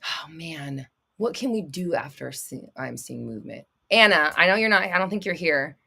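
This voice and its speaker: A young woman hosting a casual livestream, reading viewer comments and coaching them in a blunt, excitable way, swearing freely and laughing often. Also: sits low, moderate pace, gravelly, breathy edge. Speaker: manifestation coach and livestream host.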